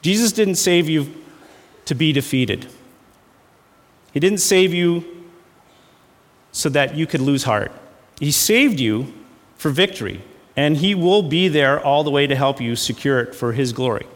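A man's voice: on the high side, lively intonation, measured pace, long pauses, big-room sound. A man preaching a sermon, emphatic and repetitive, shifting into folksy storytelling with casual fillers. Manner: emphatic, repeats phrases for effect. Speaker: pastor.

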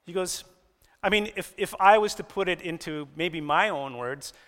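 A man delivering a sermon in a lively storytelling style, his voice sitting a little high. He jumps up in pitch when he quotes someone. A long reverb hangs behind him, as in a church hall. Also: moderate pace. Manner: animated storytelling, raises pitch for quoted lines. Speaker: pastor.

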